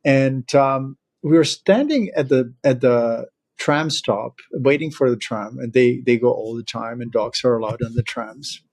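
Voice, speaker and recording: Czech guy hosting a podcast, laughs a lot, rambly casual chat, middle pitch. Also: unhurried, darkish tone. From Czech Republic. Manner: chatty, laughs often, digresses. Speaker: podcast host. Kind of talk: casual conversation.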